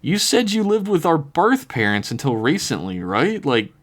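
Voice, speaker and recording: Wary sister, as a man voices her: defensive, quick to curse, voice pitched up from his own. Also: big pitch swings. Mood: shocked, wary. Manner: blunt, profane, defensive. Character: guarded young woman, wary, quick to swear.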